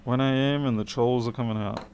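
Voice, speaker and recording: A man's voice: mid-range voice, steady tone, brisk, a little mellow, a little hiss or hum. Tired man muttering through a live repair. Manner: muttering, dry self-deprecating remarks to chat. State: tired late at night. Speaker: electronics repairer streaming live. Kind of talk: live-streamed repair with chat replies.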